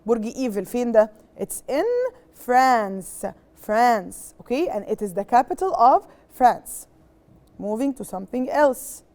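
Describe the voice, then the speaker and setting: A young woman with an Egyptian accent teaches English to young pupils, moving between English and Arabic, repeating key words, and checking in with "okay?". Her voice is on the high side, animated, and a little mellow, at a moderate pace.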